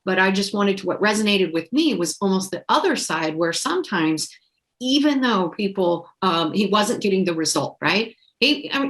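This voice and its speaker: A mother telling a personal story in a conversation, animated and expressive. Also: mid-range voice, low-quality recording. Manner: animated storyteller, acts out voices in quotes. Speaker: podcast guest.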